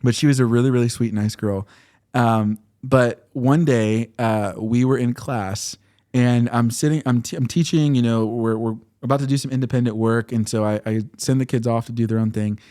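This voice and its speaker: Young male guest, relaxed casual storyteller, filler-heavy, mid-pitched. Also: moderate pace. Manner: relaxed, laid-back delivery with filler words. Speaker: podcast guest, singer-songwriter.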